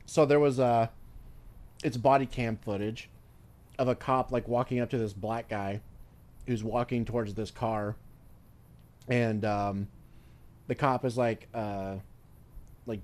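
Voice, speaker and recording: A man's voice: mid-range voice, steady tone, measured pace, long pauses, a little mellow. A male streamer chatting casually while gaming, rambling through stories with free swearing. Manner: rambling, swears freely, loose storytelling.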